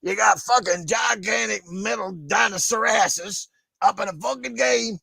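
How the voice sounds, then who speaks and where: A man co-hosting a gaming podcast, brash and profane, ranting crude jokes in loud bursts. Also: high-pitched, unhurried, vocal fry, slightly rough, dry recording, poor audio. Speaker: podcast co-host. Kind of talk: crude comedic rant.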